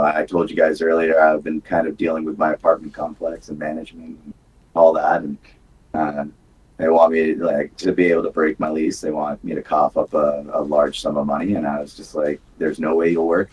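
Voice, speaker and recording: A man's voice: very deep voice, darkish tone, husky, rough recording. A man who served in the military, talking candidly in a casual podcast chat, rambling with many fillers. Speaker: podcast co-host, veteran.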